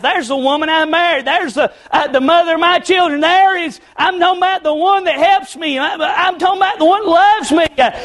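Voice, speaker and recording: A middle-aged man preaching a sermon, swinging between shouts and hushed pleading. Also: extremely high pitch.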